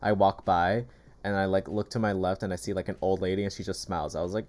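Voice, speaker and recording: A gaming YouTuber chats casually while eating, his fairly low, darkish voice moving at a brisk clip. He tells stories in a chatty manner, leaning heavily on "like" as a filler.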